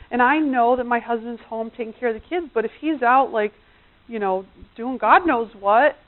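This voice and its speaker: A middle-aged woman coach giving a chatty seminar talk on relationships, often acting out the voices of people she quotes. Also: high voice. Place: seminar room. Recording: tinny phone-like recording.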